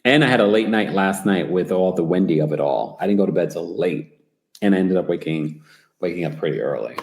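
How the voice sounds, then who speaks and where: Tired man recapping reality TV, lively voice. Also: deep voice, a little fast, roomy sound. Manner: chatty and gossipy, reads comments aloud. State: tired, yawning. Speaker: recap show host. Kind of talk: livestream recap chat, reading viewer comments. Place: away from home while traveling.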